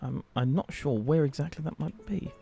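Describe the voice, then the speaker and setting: A man's voice: fairly high pitch, moderate pace, creaky, mellow, faint music behind. A man streaming a puzzle game, chatting casually, muttering to himself and reading clues aloud. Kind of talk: casual gaming stream chat.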